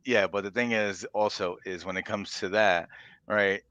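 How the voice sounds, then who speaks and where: Bright, dry-voiced man chatting casually. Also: on the low side, steady tone, moderate pace, no room sound, dull audio. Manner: rambling, laughs often, acts out quotes. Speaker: podcast co-host. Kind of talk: casual chat.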